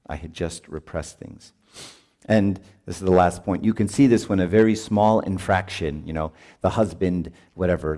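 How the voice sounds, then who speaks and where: Deep-voiced priest giving a chatty retreat talk. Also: male voice, mellow. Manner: chatty, often adds "right?", laughs while talking. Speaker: priest speaking at a marriage retreat.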